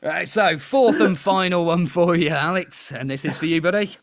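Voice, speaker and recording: A man's voice: a little high, normal speed. A British man hosting a live quiz show, chatty and self-deprecating, often laughing as he talks.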